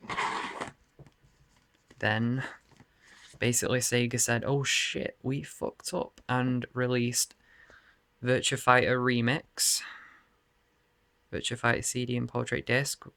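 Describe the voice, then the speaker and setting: A man's voice: medium pitch, pushed and bright, a little hiss or hum. A man rambling casually to camera in his bedroom about his game collection, laughing and swearing often. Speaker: video game collector showing his cases.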